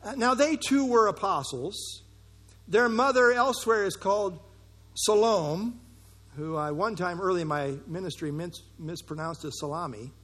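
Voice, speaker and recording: Husky-voiced man preaching a sermon. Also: high voice, a bit bright. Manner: earnest, emphatic preaching with slow stressed phrases. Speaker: pastor. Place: church.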